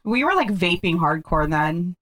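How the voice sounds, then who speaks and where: A woman's voice: lowish voice, sing-song, moderate pace, fairly bright tone. A woman from California on a casual podcast, teasing a friend and swearing freely.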